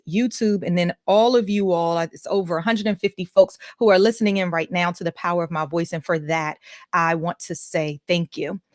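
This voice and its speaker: Woman, live-stream host, upbeat, folksy, lowish voice, dry sound. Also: no room sound. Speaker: host and life coach. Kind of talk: energetic live-stream talk.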